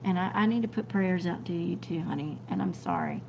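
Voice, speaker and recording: A woman's voice: on the low side, brisk, gravelly, noisy background. A middle-aged woman, chatting scattered and laughing as she reads viewer comments on a livestream. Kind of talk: casual live chat.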